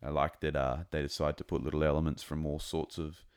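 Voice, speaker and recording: A man giving a casual, rambling and excitable review of a TV episode. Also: extremely low pitch, brisk, smooth. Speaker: show reviewer.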